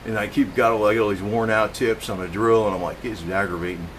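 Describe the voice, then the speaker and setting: The audio is poor, with slight background noise, as a man with a fairly low, steady voice talks fast over his home video. He's a chatty, profane home DIY vlogger in an indoor room, rambling about the walkway he built and speaking gently to his cats.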